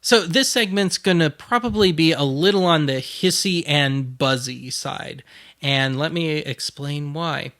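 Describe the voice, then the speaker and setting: A man's voice: fairly high pitch, a little slow, fairly bright tone. A man hosting a casual gear demo, explaining things in a rambling, self-deprecating way into a dynamic mic on a stand. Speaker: host.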